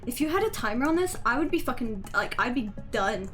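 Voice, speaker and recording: A woman's voice: on the high side, big pitch swings, brisk, faint music behind. A woman streaming a video game, talking casually and swearing freely as she reacts and explains. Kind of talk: casual live-stream commentary.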